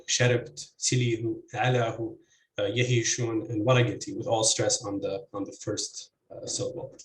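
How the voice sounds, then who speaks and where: A man giving an academic linguistics presentation over a video call, hesitant, with many fillers and restarts. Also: medium pitch. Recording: echoey room, faint noise.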